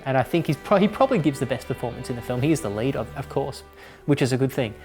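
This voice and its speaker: A man, the film's director, recalls casting in a thoughtful, candid way. His voice sits at an ordinary mid pitch. Faint music plays underneath. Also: expressive, fast talker, darkish tone. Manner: reflective, candid recollection. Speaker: film director. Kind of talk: documentary interview.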